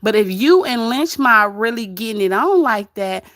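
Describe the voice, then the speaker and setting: A woman's voice: on the high side, animated, normal speed, a bit bright, no echo, studio quality. A woman hosting a casual livestream, chatting gossip, reading viewer comments aloud and laughing often. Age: adult with grown kids. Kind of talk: casual live-stream gossip chat.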